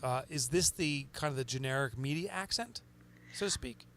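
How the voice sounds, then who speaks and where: A man's voice: mid-range voice, lively intonation, moderate pace, a bit bright. A man with a New Jersey accent hosting a podcast in a loose, chatty, joking way. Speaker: podcast host.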